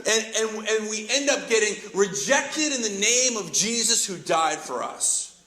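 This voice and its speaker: A man preaching a sermon as pastor, lively and conversational, acting out quoted voices and often restarting his phrases. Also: sits high, a little slow, roomy sound, poor audio. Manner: animated, acts out quoted voices, many restarts.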